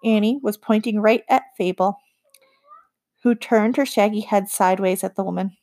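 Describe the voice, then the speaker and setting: A woman narrating an audiobook in a calm, measured storytelling voice. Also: medium pitch.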